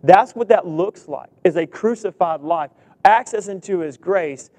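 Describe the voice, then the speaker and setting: A man with a high voice preaches a sermon, recorded dry and close. He reads scripture aloud and keeps throwing questions and jokes at the congregation. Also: a little slow, a little mellow, no echo. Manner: humorous, asks the congregation many questions.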